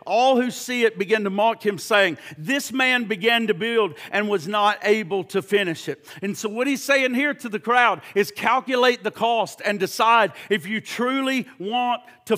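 A male pastor preaching a sermon with impassioned swings from loud fervor to hushed intensity, often repeating words. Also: high voice.

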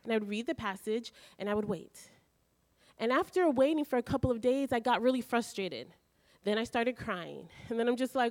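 A woman preaching a sermon, her fairly high voice rising as she fires off strings of questions. She tells a personal story in an animated way. The sound is dry and close. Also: a little fast, no echo. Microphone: handheld mic.

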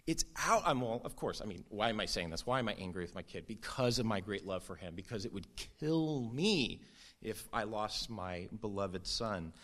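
A man's voice: on the low side, expressive, normal speed, fairly bright tone. A man preaching a sermon in an earnest, conversational way, with sudden rises for emphasis. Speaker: pastor.

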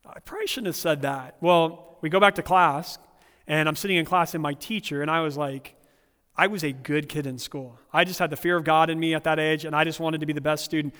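A man's voice: a little high, steady tone, brisk, fairly bright tone, clear, resonant tone, big-room sound. A man pastor preaching a sermon, earnest, with humorous personal stories.

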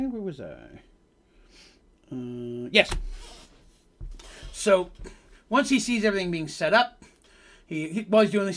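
A man casually telling an improvised fantasy story, rambling and chatty with asides. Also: on the high side.

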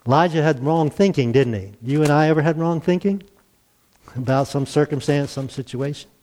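A man's voice: fairly high pitch, normal speed, a little mellow. A man in his sixties preaching a conversational sermon, acting out the dialogue and chuckling now and then.

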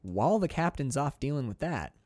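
A man casually recapping a film in a profane, animated way, acting out its characters. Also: mid-range voice, a little fast, no echo, clean studio sound. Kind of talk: casual movie recap chat.

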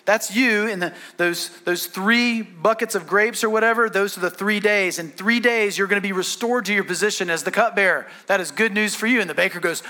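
A man preaching a sermon, telling the story in an animated way and acting out the characters' lines. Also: high-pitched, a little fast, few pauses. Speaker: pastor.

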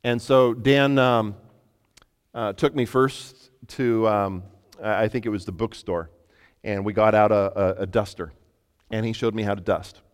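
A man preaching a sermon as pastor, telling a story with halting starts and repeated words. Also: on the low side, steady tone, clear, resonant tone. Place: church sanctuary. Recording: long hall reverb.

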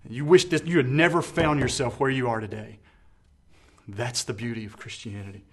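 Middle-aged pastor guy preaching, earnest, chatty, restarts a lot, mid pitch. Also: steady tone, normal speed. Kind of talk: sermon.

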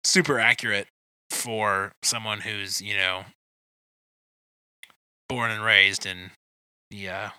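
Bright-voiced chatty male podcast host. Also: lowish voice, fairly even intonation, clear, resonant tone, no room sound. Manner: chatty, quick asides, frequent fillers. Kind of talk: casual movie review chat.

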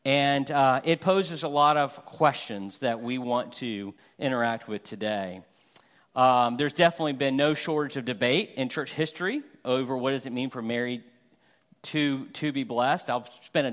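A man's voice: fairly high pitch, fairly bright tone. A middle-aged man from Florida preaching a sermon as a guest pastor, conversational and self-deprecating, acting out everyday examples with humor.

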